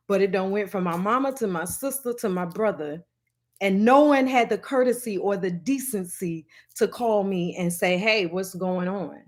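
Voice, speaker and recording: Animated woman telling a family story. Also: medium pitch. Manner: animated, swearing, mimics the people she quotes. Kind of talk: casual storytime monologue.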